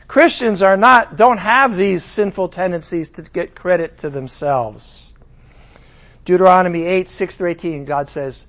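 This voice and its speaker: Speaking a little slowly, a middle-aged man delivers an animated sermon in a fairly high voice, taking on the voices of the people he quotes.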